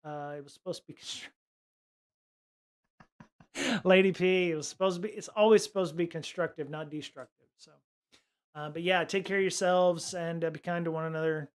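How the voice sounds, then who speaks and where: A man with a fairly high voice hosts a relaxed livestream and chats casually to his viewers. He rambles, restarts sentences and fills pauses with "um" and "uh". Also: smooth. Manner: rambling, full of fillers and restarts. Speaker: livestream host.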